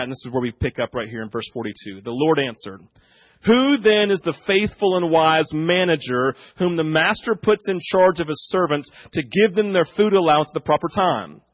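A man's voice: a little high, slightly rough, no room sound, muffled recording. A male pastor preaching an emphatic sermon that rises and falls in volume. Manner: emphatic, rising and falling in volume.

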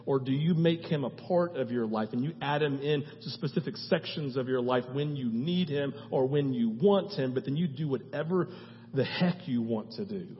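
A man preaching in a church, fervent and conversational, pressing his listeners with repeated questions. His voice sits a bit high for a man and rings with a long hall echo. The sound is slightly dull. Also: slight background noise. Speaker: pastor. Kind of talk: sermon. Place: church sanctuary.

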